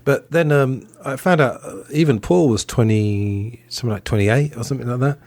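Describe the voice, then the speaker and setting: A man's voice: medium pitch, a little fast, darkish tone, dry recording. A man hosting a podcast in a casual review chat, talking loosely and hedging often. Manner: chatty and loose, hedges often. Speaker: podcast host.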